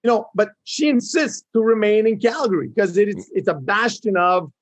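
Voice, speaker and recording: A middle-aged Canadian entrepreneur, appearing as a guest in an interview, speaks in a high-pitched voice at normal speed. He's emphatic and animated, often seeking agreement with "right?"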